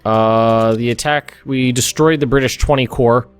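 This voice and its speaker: A man's voice: medium pitch, fairly even intonation, measured pace, smooth. An American young man hosting a let's play, thinking aloud through a strategy game with frequent restarts and asides. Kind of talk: casual gameplay commentary. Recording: faint music behind.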